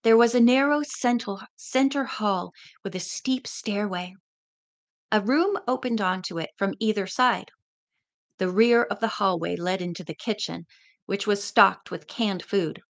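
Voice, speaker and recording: A woman's voice: mid-range voice, a little slow. A woman reading a mystery novel aloud, with chatty asides between passages. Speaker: reader.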